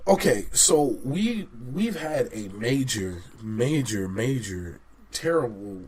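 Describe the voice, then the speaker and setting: A man's voice: mid-range voice, big pitch swings, takes it slowly, a little mellow. A man co-hosting a podcast in casual chat, stuffy and congested, laid-back and repeating himself for emphasis. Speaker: podcast co-host.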